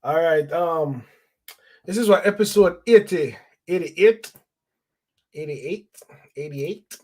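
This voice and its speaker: A man's voice: a little high, darkish tone. Laid-back male football show host. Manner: laid-back, conversational, repeats phrases, sprinkles slang. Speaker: host of a football fan channel. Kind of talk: casual solo talk show.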